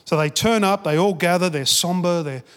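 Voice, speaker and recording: A man preaching a sermon, swinging from loud urging to hushed storytelling. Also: high-pitched, normal speed, in a large hall. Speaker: pastor.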